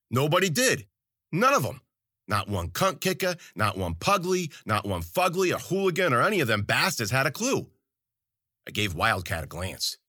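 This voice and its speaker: A man's voice: fairly low pitch, pushed and bright, no room sound. Wry, profane male storyteller, dry studio. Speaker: audiobook narrator. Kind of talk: first-person storybook narration.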